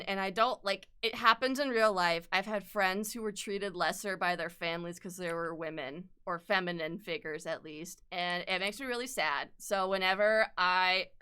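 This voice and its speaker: A young woman chatting casually on a livestream while she sketches, swearing freely with sudden bursts of excitement. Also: mid-range voice, clear, resonant tone. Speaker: streamer and artist.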